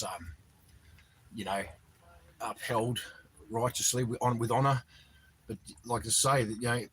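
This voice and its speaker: A man's voice: medium pitch, fairly bright tone, a little hiss or hum, poor audio. A man hosting a casual livestream, reading out viewers' names and greeting them as he goes. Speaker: livestream host. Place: outdoors in the cold.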